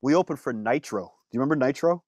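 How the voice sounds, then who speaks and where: A man, a musician guest, telling stories in a casual interview, animated, with lots of fillers and some swearing. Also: medium pitch, fast talker, no echo, clean studio sound.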